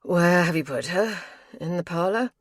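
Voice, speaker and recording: A woman's voice: fairly low pitch, normal speed, no room sound, clean studio sound, natural voice. A woman voicing an earnest, emphatic middle-aged male country doctor.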